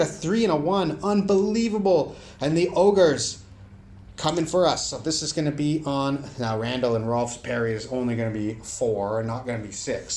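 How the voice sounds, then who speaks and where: A man narrating a solo tabletop game, rolling dice aloud and breaking into shouted play-by-play. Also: mid-range voice, a little hiss or hum.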